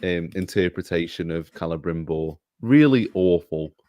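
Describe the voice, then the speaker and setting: A man's voice: deep voice, animated, normal speed, dark tone, no room sound, clean studio sound. A man in a casual review chat, critical and exasperated. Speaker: co-host reviewer.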